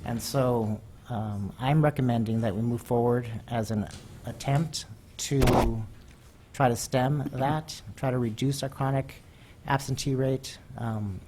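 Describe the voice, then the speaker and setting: A man presenting a proposal at a school board meeting, talking in a halting way with many ums and restarts. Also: mid-range voice, mellow, a little hiss or hum. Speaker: district administrator presenting a proposal.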